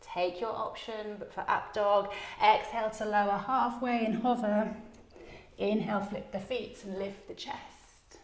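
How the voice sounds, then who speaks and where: Woman leading yoga, calm steady breath cues, kinda out of breath, roomy echo. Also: mid-range voice, unhurried. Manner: calm, encouraging cueing of breath and movement. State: slightly out of breath. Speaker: yoga instructor. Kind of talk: guided yoga class instruction. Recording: echoey room.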